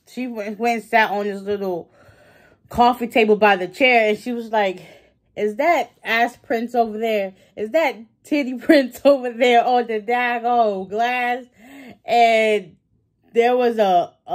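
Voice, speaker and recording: A woman vlogger casually recapping a TV episode, acting out the characters' lines with laughs and fillers. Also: a little high.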